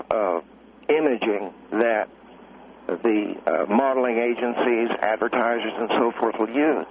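A man who is a youth minister, talking as a guest on a radio show, measured and hesitant with many fillers. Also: medium pitch. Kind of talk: phone-in radio interview. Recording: tinny phone line with hiss.

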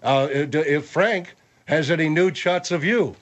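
A man's voice: on the high side, unhurried, a little hiss or hum, close to an everyday voice. A man voicing a nosy, hesitant male regular who pries and hems in comedic talk radio role-play. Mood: prying. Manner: hesitant, prying.

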